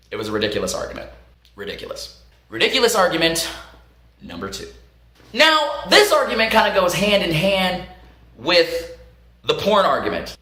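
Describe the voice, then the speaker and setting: A man casually telling stories to camera, animated and profane, laughing often and acting out what others said. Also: high-pitched, moderate pace, long pauses, reverberant. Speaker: vlog host. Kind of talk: casual storytelling monologue.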